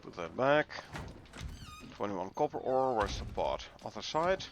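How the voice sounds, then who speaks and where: A man with a Dutch accent talks unhurriedly through a game livestream, greeting viewers as he goes. His voice has a gravelly edge and swings up and down a lot. A faint hiss of noise sits under the recording. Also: lowish voice, measured pace. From Netherlands. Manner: relaxed, chatty, greets viewers while playing. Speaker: gaming livestreamer. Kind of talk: casual livestream commentary.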